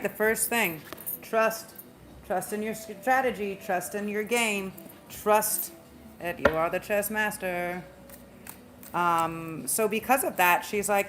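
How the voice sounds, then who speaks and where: A woman's voice: medium pitch, slow, a bit bright, faint music behind. Woman with a slight Southern drawl. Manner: chatty, emphatic, repeats phrases, speeds up and stumbles at times. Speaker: tarot reader. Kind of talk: casual spiritual tarot reading.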